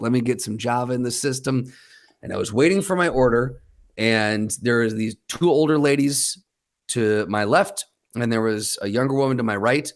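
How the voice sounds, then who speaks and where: A man co-hosting a casual podcast, telling a story and acting out the people in it. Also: medium pitch. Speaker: podcast co-host. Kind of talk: casual chat.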